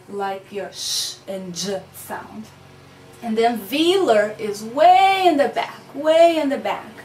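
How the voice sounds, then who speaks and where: A woman's voice: on the high side, a little hiss or hum. A woman teaching a recorded phonetics lesson, explaining patiently and checking in with "okay?" and "right?".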